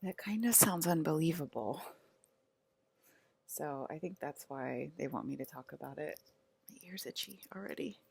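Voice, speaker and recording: A woman vlogging in a casual monologue, rambling and halting with lots of fillers. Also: low voice, expressive, vocal fry, a little mellow, breathy edge, no echo.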